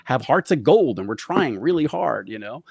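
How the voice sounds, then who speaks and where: A man's voice: mid-range voice, very animated, normal speed, gravelly, darkish tone, breathy edge, dry recording, studio quality. A man who is a writer and a podcast guest, speaking in casual chat with an earnest, appreciative manner.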